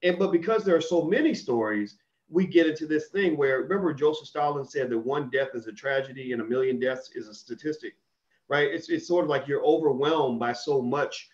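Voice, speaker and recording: A man's voice: mid-range voice, a little fast. A man hosting an interview, speaking in a reflective, thoughtful way. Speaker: host. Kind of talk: interview talk. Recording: dull lo-fi recording.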